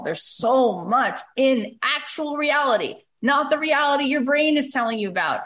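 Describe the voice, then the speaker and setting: A woman's voice: on the high side, a bit bright. A woman podcast host giving a passionate, emphatic motivational talk to her listeners.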